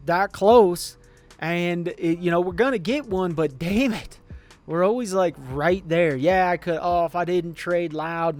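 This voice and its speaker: A man commenting on a football video game, swinging from quiet mumbling to excited yelling. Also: a little high. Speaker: gaming YouTuber.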